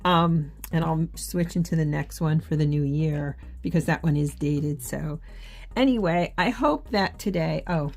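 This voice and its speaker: A woman hosting a faith journaling channel, talking casually and earnestly to viewers while she writes, with soft laughs and fillers. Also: sits low, measured pace, gravelly.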